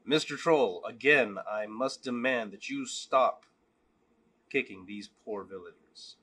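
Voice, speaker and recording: A man's voice: mid-range voice, slow pace, pushed and bright, breathy edge, full character voice. A man voicing an indignant rabbi who makes formal, insistent demands, in a spoken joke. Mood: demanding.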